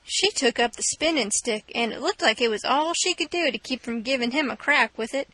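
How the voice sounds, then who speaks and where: A woman narrating an audiobook in a steady, folksy first-person storytelling voice. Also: high voice, fairly quick, few pauses, no echo, rough recording. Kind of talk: scripted narration.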